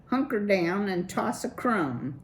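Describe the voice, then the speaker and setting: A woman's voice: mid-range voice, big pitch swings, takes it slowly, a little hiss or hum. Woman voicing an offhand mouse drummer. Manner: offhand, murmuring. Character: laid-back male mouse drummer, indifferent.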